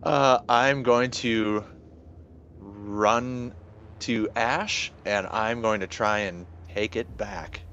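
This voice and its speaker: A man's voice: fairly low pitch, extremely slow, a bit bright, muffled recording, a little hiss or hum. A man playing a tabletop game, asking hesitant rules questions. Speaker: player. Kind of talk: casual game chat.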